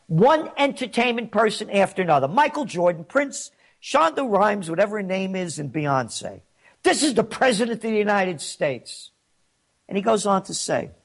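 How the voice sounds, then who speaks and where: A man hosting an opinion commentary, indignant and mocking, his voice rising when he gets riled. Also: high voice. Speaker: host.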